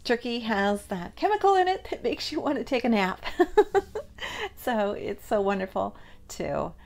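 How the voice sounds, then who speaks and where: Brief: middle-aged woman vlogger, slow, gravelly delivery, gushing and tender. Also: fairly high pitch, very animated, a little mellow. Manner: emotional, gushing, teary and laughing. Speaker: reborn doll collector and channel host. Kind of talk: casual unboxing vlog.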